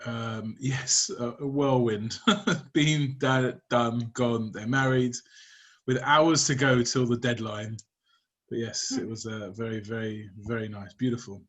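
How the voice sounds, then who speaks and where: Chatty rabbi on a video call. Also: male voice, mid-range voice, fairly even intonation, measured pace, a bit bright, muffled recording. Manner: chatty, apologetic, rambling with fillers. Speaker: rabbi leading an online class. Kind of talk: casual chat.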